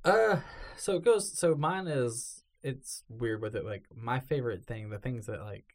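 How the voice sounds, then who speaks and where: A man's voice: mid-range voice, a little slow. A man hosting a casual chat, telling stories with lots of swearing and acted-out quotes. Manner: animated storyteller, swears freely, acts out quotes. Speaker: podcast host.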